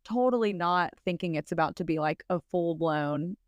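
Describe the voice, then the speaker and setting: A woman's voice: lowish voice, moderate pace, clear, resonant tone, no room sound. A woman co-hosting a podcast in casual chat, chatty, sometimes hunting for words and laughing often. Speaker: podcast co-host.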